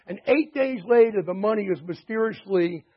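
A man pitching a membership through chatty anecdotes full of quoted dialogue and fillers, in a dull lo-fi recording. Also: normal speed, noisy background. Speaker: sales presenter. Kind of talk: sales pitch storytelling.

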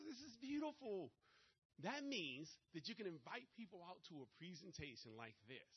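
A man with a Maryland accent giving a fast-talking, energetic motivational seminar talk straight to his audience. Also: on the high side, slightly rough, highs cut off. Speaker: motivational speaker at a business presentation.

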